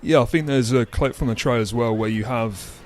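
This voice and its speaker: A man's voice: mid-range voice, a little fast, a little hiss or hum. A man co-hosting a casual video game chat in a laid-back, agreeable way. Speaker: co-host.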